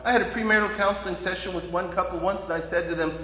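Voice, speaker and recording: A male pastor preaching in a folksy, conversational storytelling style. His voice sits a little high for a man. The sound carries the long ringing reverb of a large hall. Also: fairly even intonation, racing, few pauses, bright, forceful tone. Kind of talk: storytelling sermon.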